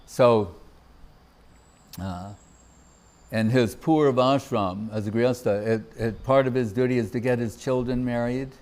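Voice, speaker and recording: A man's voice: medium pitch, unhurried, pauses often. A man giving a devotional festival talk, telling anecdotes and acting out the voices of the people he quotes. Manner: anecdotal, warm laughter, acts out quoted voices. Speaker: Gaudiya Vaishnava speaker. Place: temple festival gathering.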